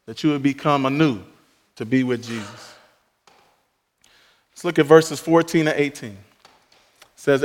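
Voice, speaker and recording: Preaching man in a reverberant hall. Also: fairly high pitch. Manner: emphatic preaching, dropping to soft asides. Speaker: pastor. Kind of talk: sermon.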